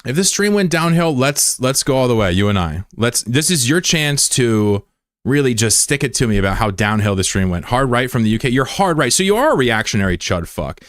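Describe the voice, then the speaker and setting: American guy streamer, mid pitch, swinging intonation, dry close sound, picks fights with chat. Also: big pitch swings, a little fast, dry recording. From United States. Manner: taunting, combative, profane. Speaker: livestreamer. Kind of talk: casual livestream chat.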